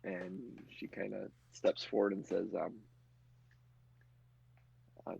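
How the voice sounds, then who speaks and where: A man's voice: deep voice, completely flat delivery, moderate pace, gravelly, a little mellow, husky, muffled recording. A man narrating a tabletop game as game master, with frequent fillers and laughter. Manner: filler-heavy, laughs often. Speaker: game master and podcast host.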